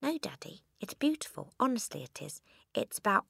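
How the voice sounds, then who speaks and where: A woman's voice: mid-range voice, big pitch swings, moderate pace, gravelly, a bit bright, husky, dry recording, studio quality, pitched above the performer's own voice, heavily acted. A woman voicing a clever, polite little girl who speaks pleasantly and pleads earnestly. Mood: pleading.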